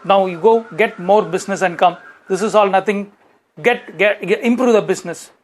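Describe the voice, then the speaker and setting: A woman's voice: high-pitched, animated, moderate pace, darkish tone, voice pushed up. A man putting on a harsh scornful lady boss. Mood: scolding. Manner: scornful, dismissive. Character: harsh belittling female sales manager.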